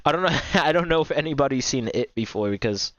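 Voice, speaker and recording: A man's voice: mid-range voice, lively intonation, fast, a bit bright, no echo. Young male reaction host, rambling and repetitive, dry, slightly dull home mic. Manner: rambling, repeats himself, heavy filler words. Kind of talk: casual reaction commentary.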